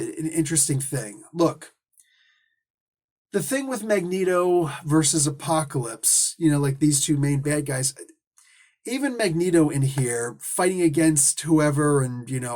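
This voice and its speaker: A man giving a casual, rambling comic book review, full of restarts, asides and quick put-on voices for the characters. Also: on the high side, animated, darkish tone. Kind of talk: casual solo review monologue.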